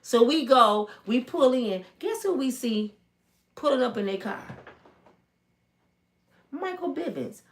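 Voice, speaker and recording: A woman from Michigan in her fifties spins a story with a somewhat high voice. Her pitch leaps and dips all through, and she leans hard on the big moments. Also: slow, pauses often. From Michigan, USA. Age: 50s. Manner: animated, emphatic, acts out voices. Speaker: storytelling vlogger. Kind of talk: casual storytelling.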